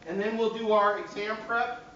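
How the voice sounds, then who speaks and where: Recorded from a distance in a reverberant classroom, this lecture has a dull sound and crowd noise behind it. The teacher, a man with a high, steady voice, talks at a moderate pace while telling a story and frequently checking on his class.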